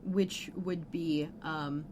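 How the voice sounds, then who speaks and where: A woman's voice: low voice, steady tone, extremely slow, background noise. A woman co-hosting a podcast in casual chat, blunt and jokey, swearing offhandedly and playfully opinionated. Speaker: podcast co-host. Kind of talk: casual chat recapping a TV episode.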